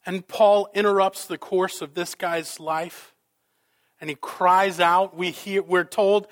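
A male pastor preaching a sermon, dramatic, with rhetorical questions and swings between loud and soft. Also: sits high, steady tone, takes it slowly.

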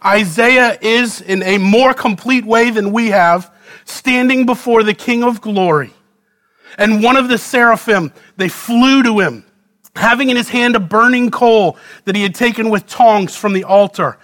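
A man preaching a sermon as a pastor, voicing scripture dramatically, moving from loud pleading questions to quiet low readings. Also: a little slow.

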